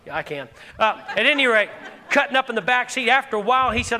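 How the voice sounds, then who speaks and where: Fervent male preacher, bright and forceful tone, rising to shouts then dropping low. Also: expressive, quick pace, a little hiss or hum. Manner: impassioned, exhorting, swinging between shouts and hushed tones. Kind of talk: sermon.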